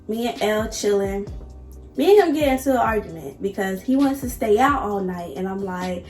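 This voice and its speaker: A woman vlogger telling a personal story in an animated, emphatic way, addressing viewers directly. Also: medium pitch, normal speed, reverberant, faint music behind. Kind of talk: casual storytime.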